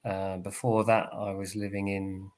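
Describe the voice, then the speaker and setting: An Englishman tutoring online, explaining patiently and clearly over a video call. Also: deep voice, little pitch movement, a little slow, a little mellow. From England.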